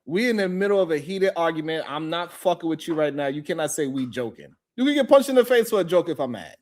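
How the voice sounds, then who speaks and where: A man's voice: on the high side, lively intonation, quick pace. A man hosting a heated panel debate, blunt and incredulous, often breaking into laughter. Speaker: host.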